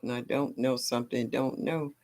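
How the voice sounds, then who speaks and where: A middle-aged woman hosting a casual gardening livestream, chatting back to viewers in an animated way and laughing often. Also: very deep voice, moderate pace, vocal fry.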